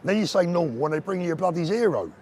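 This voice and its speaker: A chatty man with a slightly high voice, talking casually into a phone as he walks outside. Faint street sounds and passing cars sit behind him, and he keeps up a relaxed, bantering chat with viewers. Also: quick pace, a little hiss or hum. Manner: chatty, banter-filled, answers viewers by name. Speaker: vlogger host reading live chat. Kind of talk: casual live-stream chat while walking. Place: outdoors on a street.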